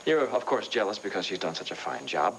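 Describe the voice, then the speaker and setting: A wealthy hotel owner on a 1980s TV soap, dry and sardonic in every reply. The old recording carries a clear hiss. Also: male voice, low-pitched, big pitch swings, brisk. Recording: hissy old tape.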